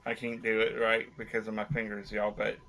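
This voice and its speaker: Bright-voiced joking man. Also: fairly low pitch, completely flat delivery, a little fast. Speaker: podcast co-host. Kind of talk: casual sports chat.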